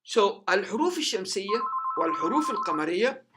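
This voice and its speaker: A man's voice: high-pitched, very animated, racing, very noisy. A man teaching a language lesson who patiently models each sound several times. His first language is Arabic.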